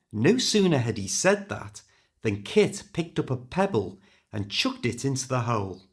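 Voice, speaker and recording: A British man narrates a story for listeners learning English, reading clearly and with feeling. His pitch sits in the middle but moves around a great deal as he reads. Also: sing-song, moderate pace.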